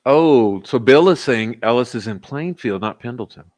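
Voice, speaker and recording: A little tipsy and giggly, a livestream host with a medium-pitched, darkish voice signs off his live chat at a moderate pace. His intonation is lively, and he jokes casually with viewers, laughing often.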